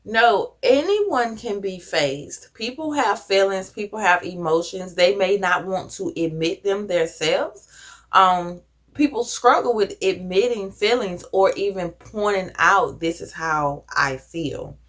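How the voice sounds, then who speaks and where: A woman's voice: medium pitch, animated, takes it slowly, a bit bright. A woman vlogger talking earnestly to camera, giving conversational advice with casual slang. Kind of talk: reflective personal talk to camera.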